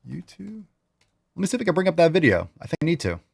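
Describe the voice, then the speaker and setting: A man's voice: on the high side, huge pitch swings, fast, vocal fry, breathy edge. A man hosting a casual livestream, hyped and rambling, who swears casually. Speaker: host.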